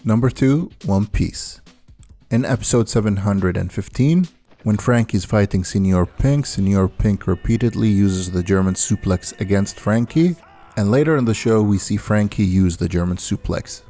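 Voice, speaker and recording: A man giving a scripted video-essay narration as the host, counting down a list in a steady delivery over faint background music. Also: on the low side, normal speed. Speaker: anime and wrestling video host.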